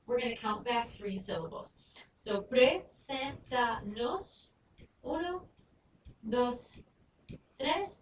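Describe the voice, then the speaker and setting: Woman teacher, slow and patient. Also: fairly high pitch. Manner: patient, clear, slows down to spell out Spanish words. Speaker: Spanish teacher. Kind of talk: recorded lesson narration. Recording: echoey room, far mic, noisy.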